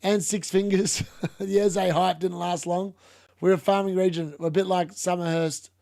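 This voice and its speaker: A man's voice: high-pitched, level tone, a little slow, vocal fry, warm tone, dry recording, studio quality. Chatty young man reacting to a match live. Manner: casual, chatty, laughs often, uses "mate". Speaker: football watchalong streamer.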